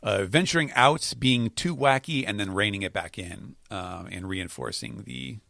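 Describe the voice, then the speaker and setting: Hesitant man with a low, dry voice. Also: moderate pace, gravelly, pushed and bright, no echo. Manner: hesitant, many fillers and restarts while explaining. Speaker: podcast host. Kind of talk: casual chat recapping comics.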